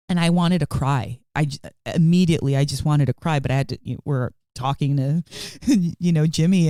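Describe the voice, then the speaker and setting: A woman's voice: sits low, dark tone, clear, resonant tone, dry recording, studio quality. A woman co-hosting a podcast in casual chat, talking in an earnest, heartfelt and effusive way. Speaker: podcast co-host.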